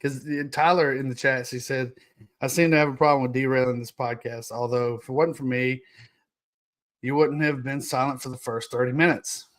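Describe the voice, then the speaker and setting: A man's voice: medium pitch, fairly even intonation, moderate pace. A young man hosting a casual solo podcast, reading notes aloud and joking with his live chat, laughing often. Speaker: podcast host.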